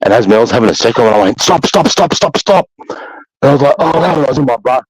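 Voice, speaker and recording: A man with an Australian accent telling a long anecdote in casual chat, profane and animated, with many restarts. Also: medium pitch, rapid-fire, slightly rough, dry recording, low-quality recording. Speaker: podcast storyteller.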